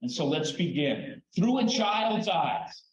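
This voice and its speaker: An older man and children's therapist giving a conference talk, telling stories in an animated way with dramatic pauses. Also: sits high. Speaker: keynote speaker, children's therapist. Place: large conference hall. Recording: echoey hall, slightly dull sound.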